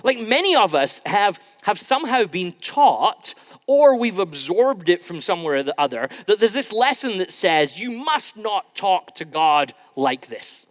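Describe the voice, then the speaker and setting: A man's voice: high-pitched, sing-song, measured pace. A man preaching a sermon as pastor, in an informal, conversational way with frequent restarts. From Scotland. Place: church sanctuary. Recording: long reverb in a large church hall.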